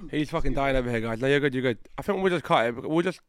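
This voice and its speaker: A man co-hosting a podcast in casual chat, excitable and fond of swearing. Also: mid-range voice, clean tone. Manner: animated, swearing, fast and excitable. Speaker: podcast co-host.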